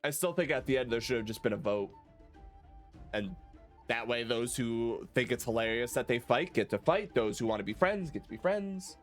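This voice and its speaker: Lively swearing male gaming streamer. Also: medium pitch, moderate pace, soft background music. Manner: loose, swearing, laughing. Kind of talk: casual let's-play chat.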